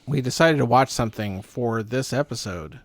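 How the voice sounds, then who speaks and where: A man's voice: mid-range voice, moderate pace, no room sound. A man co-hosting a podcast, chatting in an easygoing way with stammered restarts. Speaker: podcast co-host. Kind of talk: casual chat.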